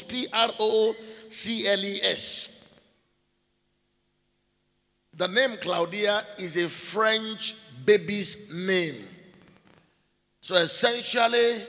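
High, bright-voiced man preaching in a hall. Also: gravelly. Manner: deliberate, repeats and spells out key words. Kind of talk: sermon teaching. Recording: long hall reverb.

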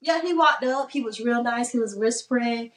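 A woman's voice: a little high, normal speed, distant mic. Laid-back young woman, off-mic and echoey. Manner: laid-back, slangy, rambling anecdotes. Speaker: podcast co-host. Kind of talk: casual chat.

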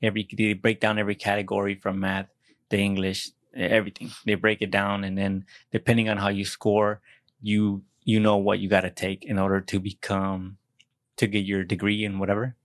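A man's voice: fairly low pitch, monotone, a little fast, dry recording. Young american guy rambling and cussing on a podcast, dry close sound. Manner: rambling, self-deprecating, swears a lot, frequent restarts. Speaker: podcast co-host. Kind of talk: casual podcast chat.

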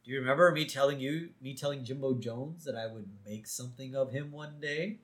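A stiff, fussy middle-aged principal, as a man reads him, prim and pompous. The voice stays close to the man's own middle pitch. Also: a little fast, fairly bright tone, natural voice.

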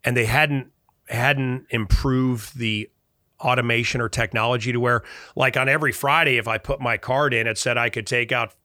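Animated man from Chicago telling stories. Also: mid-range voice, normal speed, dry recording, clean studio sound. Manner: animated, acts out quoted dialogue. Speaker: guest. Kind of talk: casual storytelling in conversation.

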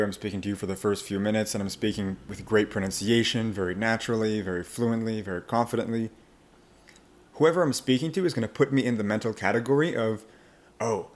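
A man speaking as a language coach in a podcast interview, animated and laughing often as he explains. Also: on the low side.

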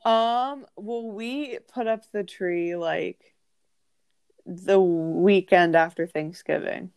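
A woman's voice: lowish voice, slow pace, a little mellow, clean tone, dry recording. A young woman in casual chat, telling stories with lots of fillers. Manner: chatty storytelling with many fillers.

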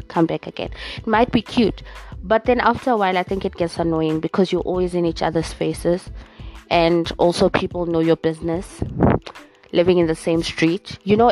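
Her voice is lowish and a little mellow. Hosting her own podcast, the young South African woman delivers a casual, sassy solo rant that's blunt and full of profanity.

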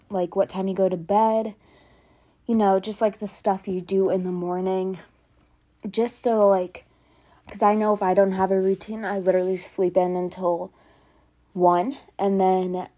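A woman's voice: medium pitch, mellow. A teenage girl talking casually from home about her own experience, earnest and rambling, full of "like" and "um". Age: teens. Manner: earnest, rambling, with frequent fillers. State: out of breath. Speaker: podcast host. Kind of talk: casual personal talk.

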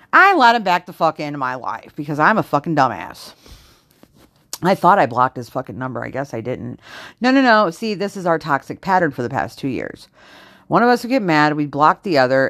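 A woman's voice: low voice, a bit bright, no echo, studio quality. A woman hosting her own unedited podcast, ranting with heavy swearing and sudden jumps between exasperation and sarcasm. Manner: profane, fast-shifting, venting with heavy swearing. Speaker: podcast host. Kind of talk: unedited solo podcast rant.

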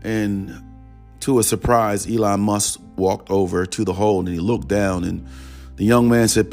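A man's voice: lowish voice, steady tone, unhurried, darkish tone. Man telling a sermon story over music. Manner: conversational, repeats "he said" as he tells a story. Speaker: preacher.

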